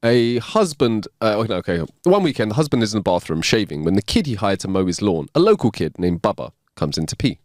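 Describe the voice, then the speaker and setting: A man's voice: lowish voice, big pitch swings, fast talker, hardly any pauses, a little mellow, no room sound, clean studio sound. A man co-hosting a casual podcast, telling jokes, laughing often and poking fun at himself. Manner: laughs a lot, self-deprecating. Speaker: podcast co-host.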